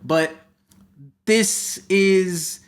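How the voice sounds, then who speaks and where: A man hosting a comedy podcast, ranting satirically in a rambling, profane way that keeps jumping into loud mock outrage. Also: high-pitched, extremely slow. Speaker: podcast host.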